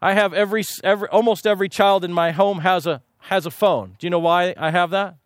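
A middle-aged man delivers a sermon in a relaxed, conversational way, throwing rhetorical questions and asides at his listeners. His voice sits high for a man. The recording is close and dry, with no room echo. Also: quick pace. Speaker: preacher.

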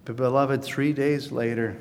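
An earnest male pastor preaching from the pulpit, his voice rising to emphatic peaks before settling back low and confiding. His middle-pitched voice carries a long reverb through a large hall, with a faint low rumble underneath. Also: steady tone, unhurried. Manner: earnest, building to emphatic peaks then dropping soft. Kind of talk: sermon.

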